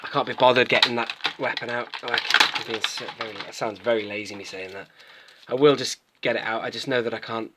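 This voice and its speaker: A man's voice: medium pitch, steady tone, fast, very noisy. A British man in his late thirties, chatting enthusiastically and rambling as he unboxes and reviews toys in a casual vlog. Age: late 30s. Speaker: toy collector vlogger.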